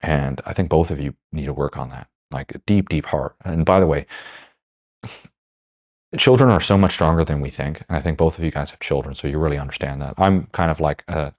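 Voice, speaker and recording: A man's voice: very deep voice, brisk, darkish tone. A man hosting a podcast, talking candidly with guests, blunt and swearing freely. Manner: blunt, swears freely, acts out quoted dialogue. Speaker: podcast host.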